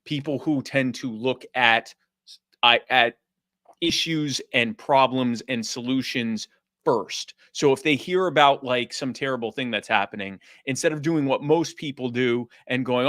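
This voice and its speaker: A man speaking as a podcast guest in casual interview talk, animated and acting out quoted voices. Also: mid-range voice, moderate pace, dry recording, clean studio sound.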